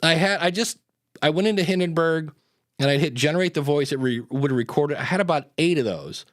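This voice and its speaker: A man's voice: fairly high pitch, a little fast, no room sound, studio quality. A man hosting a live podcast in casual chat, rambling into tangents with lots of fillers. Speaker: podcast host.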